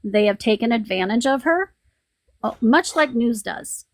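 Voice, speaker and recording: A woman's voice: a little high, lively intonation, measured pace, no echo. A woman hosting a livestream, venting in a rambling, frustrated way with many restarts. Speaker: livestream host. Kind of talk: casual live-stream venting.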